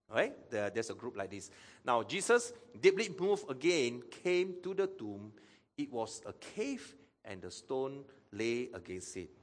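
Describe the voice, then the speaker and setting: A man's voice: a little high, sing-song, moderate pace, fairly bright tone. A man preaching a sermon as pastor, acting out Bible quotes and asking the audience questions.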